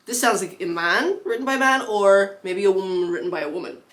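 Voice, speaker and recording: A woman's voice: mid-range voice, brisk. A young adult woman chatting casually about books as a vlogger, with many fillers and frequent laughs. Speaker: book vlogger. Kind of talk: casual book chat.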